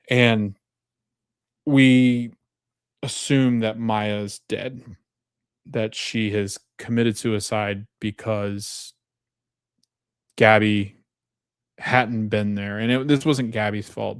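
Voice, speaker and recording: A man's voice: medium pitch, clear, resonant tone, no room sound. Male podcast host, mid-range voice, casual recap delivery with self-corrections, dry close sound. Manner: chatty, animated retelling with frequent restarts.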